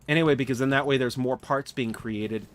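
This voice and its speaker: This gaming livestreamer speaks briskly in a medium pitch despite sounding sleepy and yawning. He casually talks through his live gameplay, thinking aloud with plenty of fillers and restarts.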